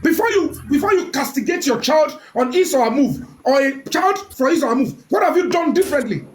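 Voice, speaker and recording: A woman with a high voice speaks as a guest on a live stream. She sounds indignant and defensive throughout. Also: lively intonation, brisk, poor audio. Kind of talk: heated live stream statement.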